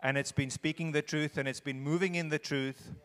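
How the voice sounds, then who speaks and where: A man's voice: a little high, fairly even intonation, brisk, fairly bright tone. A man from Africa, a visiting guest speaker in a large church, talking conversationally and earnestly, often repeating phrases for emphasis. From South Africa. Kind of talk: conversational church talk leading into a sermon. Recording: echoey church hall.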